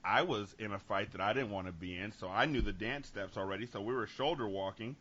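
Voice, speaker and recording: A man from Sacramento hosting a podcast, telling stories with lively acted-out quotes and casual swearing, on dull lo-fi audio. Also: fairly low pitch, brisk, slight background noise. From Sacramento, California. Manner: animated storytelling, acts out quotes, swears freely. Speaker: podcast host. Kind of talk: casual chat.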